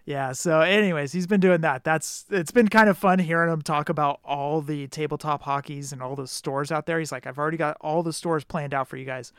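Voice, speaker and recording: Man, podcast co-host, casual chat, smooth voice, dry close sound. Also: a little high, steady tone, fairly quick, hardly any pauses, a bit bright, no room sound.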